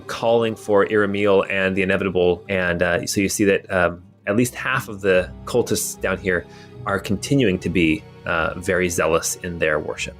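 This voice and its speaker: Male game master, low voice, loose descriptive narration. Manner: descriptive, loose, many fillers.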